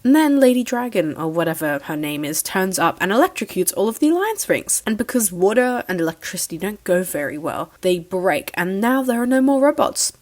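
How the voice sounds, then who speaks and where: A woman's voice: mid-range voice, big pitch swings, brisk, hardly any pauses, a little mellow. A young woman giving a casual, sarcastic recap review of a cartoon finale, mocking the plot as she goes. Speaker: show reviewer.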